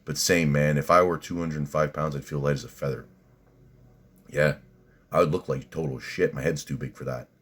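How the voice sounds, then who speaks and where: A man's voice: a bass voice, fairly even intonation, normal speed, fairly bright tone, slightly rough. A man doing a casual video reaction, blunt and crude, rambling with fillers.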